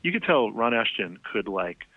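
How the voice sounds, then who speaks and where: A man, a music writer and guest, telling anecdotes over the phone in a rambling, animated way, full of fillers. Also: on the low side, moderate pace, no room sound. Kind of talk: casual phone conversation. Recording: tinny phone line.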